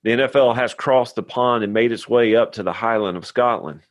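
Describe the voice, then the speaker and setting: A man's voice: medium pitch, fairly quick, no room sound. A man from Tennessee, hosting a football podcast, reading an earnest intro and then chatting with a guest. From Tennessee, USA. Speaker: podcast host. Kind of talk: scripted intro then casual chat.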